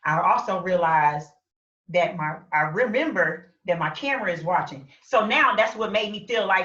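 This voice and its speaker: A woman recounts her story in an animated way, acting out what she shouted. Her voice is bright and forceful. She sounds distant in a roomy space, on a dull lo-fi recording. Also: fairly low pitch, moderate pace. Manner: animated, acts out her own shouts and quotes. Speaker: interview guest. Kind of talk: personal story in an interview.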